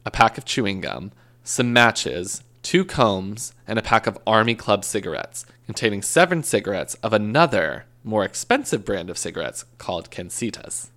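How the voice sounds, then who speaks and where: A man with a low, gravelly voice narrates a true crime case in casual conversation. He jokes, swears now and then, and corrects himself as he goes. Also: very animated, moderate pace, fairly bright tone. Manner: joking storyteller, swears, self-corrects. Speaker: podcast co-host telling a true crime case. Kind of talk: casual chat.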